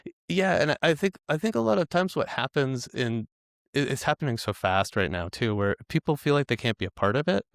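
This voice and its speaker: A man's voice: mid-range voice, expressive, brisk, creaky, dry recording, clean studio sound. A man who is a podcast guest, talking in a casual, rambling way with lots of restarts and stammered words. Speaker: developer educator, guest.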